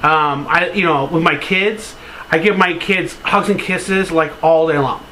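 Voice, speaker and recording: A man's voice: a little high, unhurried, bright, forceful tone, slight background noise, rough recording. A man vlogging casually, rambling through a sentimental story with lots of "like" fillers and casual swearing. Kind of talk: casual to-camera vlog.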